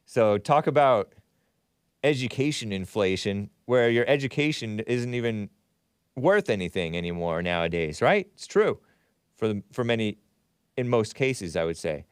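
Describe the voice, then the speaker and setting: A male talk host rambles through a casual monologue, mocking as he goes and laughing at his own remarks. His pitch swings lively up and down, and the sound is dry and close with a clean, smooth tone. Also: normal speed, no echo.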